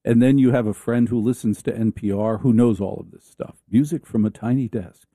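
A male talk-radio host on a comic rant, sarcastic and rambling, stumbling and restarting as he riffs. His tone is deep and mellow. The studio sound is dry and close. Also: brisk, dry recording.

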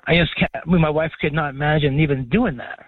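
A man's voice: fairly high pitch, steady tone, fast talker, no room sound. Choked-up older man caller. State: emotional, choked up. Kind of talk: call-in radio talk. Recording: tinny phone line.

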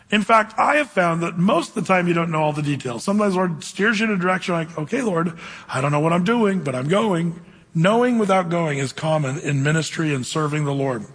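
A man gives a sermon in a relaxed, storytelling way, slowing down when he reads scripture. His voice sits high and has a husky edge. Long reverb from the hall trails behind him. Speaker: pastor.

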